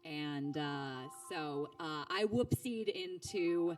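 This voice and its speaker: Animated chatty woman voice actor. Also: slow, distant mic, soft background music. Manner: animated, acts out quoted speech with big pitch jumps; chatty with frequent fillers and restarts. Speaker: voice actor guest. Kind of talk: casual storytelling interview.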